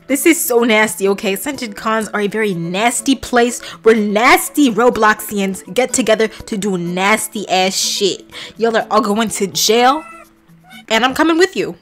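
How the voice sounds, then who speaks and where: A young woman narrates her game session in an excited, scandalized rush, laughing and shrieking. Her voice sits fairly high, with soft music playing under her. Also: unhurried. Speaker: gaming vlogger. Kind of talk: excited reaction commentary while playing.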